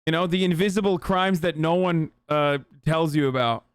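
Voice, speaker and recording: A man's voice: a little high, moderate pace, clean tone, dry recording, clean studio sound. A young man streaming a casual reaction, swearing a lot and mocking what he watches in disbelief. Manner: profane, mocking, incredulous.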